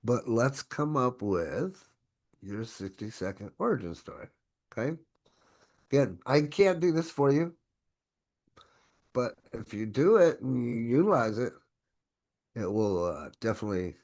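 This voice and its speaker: A man hosting an online training session, coaching in an energetic, exclamatory way. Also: medium pitch, measured pace, long pauses. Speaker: host.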